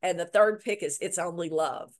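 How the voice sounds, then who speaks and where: A woman author, a guest in a video interview, telling a story with lively retelling and repeating words for emphasis. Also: fairly low pitch, moderate pace. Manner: lively retelling that acts out quoted lines.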